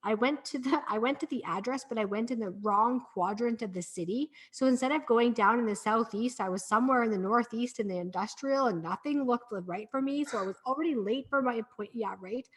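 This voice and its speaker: A middle-aged woman with a voice pitched a little high, speaking as a guest on a podcast. She tells her story in an earnest, encouraging way and sounds conversational and sincere. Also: a little fast, hardly any pauses. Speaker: podcast guest, breathwork practitioner.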